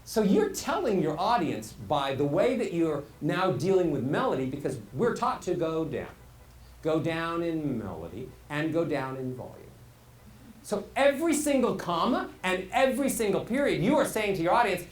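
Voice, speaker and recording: A middle-aged man teaching as a voice coach, animated and swinging his pitch widely to make his points. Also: moderate pace. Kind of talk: speaking lesson. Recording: roomy sound with faint hiss.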